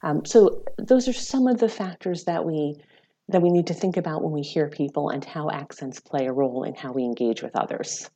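A woman psychology lecturer, a podcast guest, explaining her research in a measured, explanatory way. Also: deep voice, dark tone. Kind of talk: academic podcast interview.

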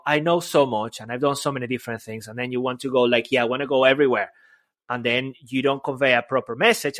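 A man's voice: medium pitch, fairly bright tone, no room sound. Playful male podcast co-host, dry sound. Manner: playful, laughs often, repeats words. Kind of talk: casual podcast banter.

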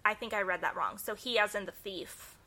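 A woman's voice: medium pitch, brisk, pushed and bright. A young woman co-hosting a podcast, chatty and giggly in casual conversation. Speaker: podcast co-host. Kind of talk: casual chat.

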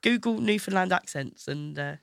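A woman's voice: fairly low pitch, lively intonation, normal speed, vocal fry, dry recording, studio quality. A woman comedian chatting as a podcast guest, laughing often and restarting her sentences. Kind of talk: casual chat.

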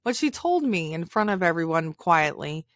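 A woman's voice: lowish voice, big pitch swings, normal speed, no echo. A woman hosting a podcast, telling a personal story in an emotional, heartfelt way. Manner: emotional, heartfelt, tearful at times. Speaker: podcast host.

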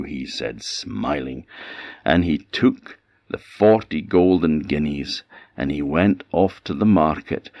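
A man with an Orkney accent telling a folktale in an unhurried, expressive way, in a dull, dry recording. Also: extremely low pitch, creaky, no room sound. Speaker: storyteller.

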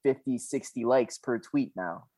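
A man's voice: mid-range voice, measured pace, dark tone, no echo. A young man co-hosting a podcast, chatting casually with a rambling, laughing, swearing manner. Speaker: podcast co-host. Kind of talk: casual chat.

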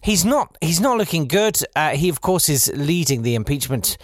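A man hosting a comedy podcast, delivering a sardonic satirical monologue, swinging between loud bursts and quiet asides. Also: a little high, big pitch swings, normal speed, no room sound, clean studio sound.

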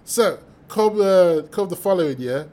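A British man, a mathematician guest, telling stories with lively energy, acting out the voices of people he quotes and laughing as he goes. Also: high-pitched, unhurried. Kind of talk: animated storytelling in conversation.

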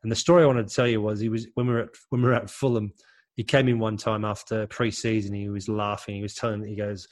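Low-voiced man telling rambling anecdotes. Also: little pitch movement, fast. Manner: rambling, self-correcting anecdotes. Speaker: former footballer and co-host. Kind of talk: casual storytelling chat.

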